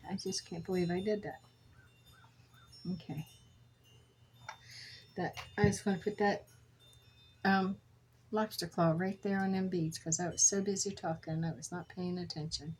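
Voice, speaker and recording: A woman's voice: fairly low pitch, darkish tone, slight background noise, low-quality recording. A middle-aged woman chatting casually while making beaded jewelry, telling rambling stories with self-corrections. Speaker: jewelry crafter. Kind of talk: casual crafting vlog chat.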